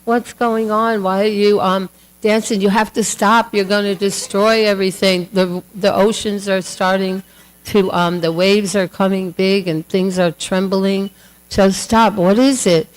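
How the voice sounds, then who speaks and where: A woman voicing an indignant goddess wife who scolds her husband in heated, rapid complaints. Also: medium pitch, fairly even intonation, long reverb tail, lightly acted, low-quality recording. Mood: alarmed.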